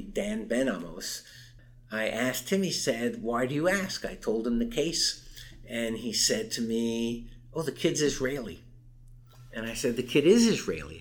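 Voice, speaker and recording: An older man telling a story in an interview, with emphasis, acting out the people he quotes. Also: medium pitch. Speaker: interview guest. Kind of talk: recounting a campus case in conversation.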